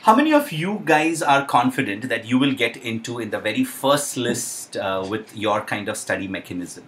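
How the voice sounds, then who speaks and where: A young man with an Indian accent hosting a casual live Q&A, chatty and excitable, with lots of uh and um. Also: medium pitch, moderate pace. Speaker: live stream host.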